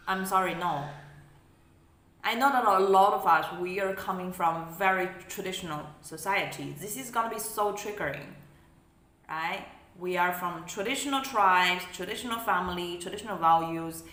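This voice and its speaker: A woman's voice: fairly low pitch, normal speed, fairly bright tone, reverberant. A woman spiritual life coach giving an earnest talk, often tagging her sentences with "right?" and repeating words as she goes. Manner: repeats words, non-native phrasing. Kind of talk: energy update talk to camera.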